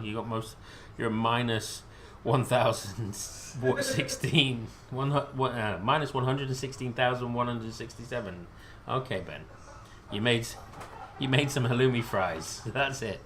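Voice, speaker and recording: A man's voice: medium pitch, a little slow, a bit bright. British male quiz host, casual and self-mocking, faint background noise. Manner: rambling, self-deprecating, joking. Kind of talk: casual live-stream quiz hosting.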